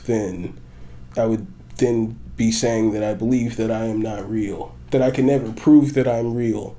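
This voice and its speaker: A man's voice: medium pitch, vocal fry, dark tone. A young man hosting a podcast on his own, rambling and swearing, breaking into laughter often. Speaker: podcast host. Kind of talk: solo podcast rant.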